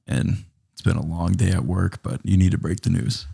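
A man's voice: low-pitched, fairly even intonation, moderate pace, vocal fry, warm tone, slightly rough. A young man co-hosting a podcast, chatting in an easygoing way and setting up the comedy bits. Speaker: podcast co-host. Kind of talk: casual chat.

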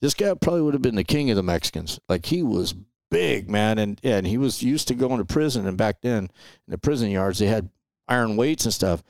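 A middle-aged man from Los Angeles, a podcast guest, telling stories in a casual, animated way and often adding "man" and "right?". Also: lowish voice, fairly quick, vocal fry, dry recording. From Los Angeles, USA. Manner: animated storyteller, peppers talk with "man" and "right?". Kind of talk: casual storytelling interview.

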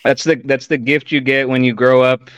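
Casting note: upbeat male host, smooth clean tone, dry close mic. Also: mid-range voice, level tone, normal speed, dry recording. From Texas. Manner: enthusiastic and chatty, says dude and y'all. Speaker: podcast host. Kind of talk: live-stream interview.

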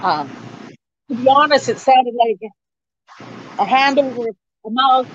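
Middle-aged woman recounting her own story in an interview, halting speech, slightly high-pitched, muffled lo-fi sound. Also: slight background noise. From Canada. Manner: hesitant, halting with many ums. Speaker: interview guest. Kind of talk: personal storytelling.

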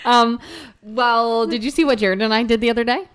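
A woman's voice: a little high, steady tone, normal speed. A young woman co-hosting a podcast, chatting casually with her sister, laughing often and swearing now and then. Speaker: podcast co-host. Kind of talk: casual chat.

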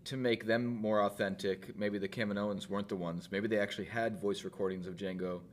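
A man's voice: on the low side, steady tone, brisk. An American man co-hosting a podcast, chatting casually and eagerly. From United States. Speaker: podcast co-host. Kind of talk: casual chat.

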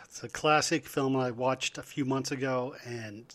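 A man co-hosting a casual movie podcast. He talks in a relaxed way and recommends films with enthusiasm. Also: medium pitch, moderate pace. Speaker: podcast co-host.

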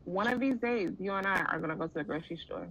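A woman co-hosting a podcast in casual chat, calm, dry and amused. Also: lowish voice, fast, muffled recording, slight background noise. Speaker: podcast co-host.

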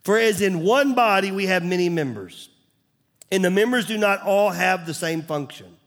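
A man's voice: high voice, normal speed, a bit bright. A man, preaching a sermon as pastor in a conversational way, sometimes dropping to a near-whisper. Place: church stage.

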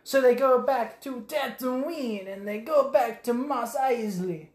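A man's voice: very high-pitched, slow. A man co-hosting a podcast, recapping a movie in a rambling, profane, casual way. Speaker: podcast co-host. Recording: echoey room.

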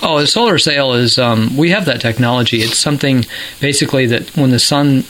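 A man's voice: medium pitch, fairly quick, background noise. A man explaining things in a casual podcast chat, with jokey asides.

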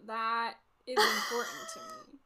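A woman co-hosting a casual podcast, making playful, drawn-out, emphatic quips. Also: on the high side, wildly swooping pitch, very noisy. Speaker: podcast co-host.

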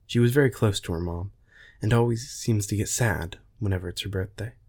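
A man reading the lines of a gentle, caring mother living on a starship, in a soft-spoken voice. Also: fairly low pitch, fairly quick, slightly rough.

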